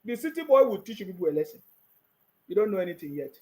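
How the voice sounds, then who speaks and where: High-pitched mocking Nigerian man. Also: very animated, quick pace, warm tone. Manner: scolding, mocking, laughs often. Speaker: political commentator. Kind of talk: YouTube commentary.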